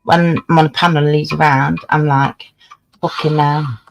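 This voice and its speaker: A woman's voice: low-pitched, flat delivery, moderate pace, creaky, dull audio, slight background noise. A woman casually chatting on her livestream, swearing freely and scolding her cat as she talks. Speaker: livestream host.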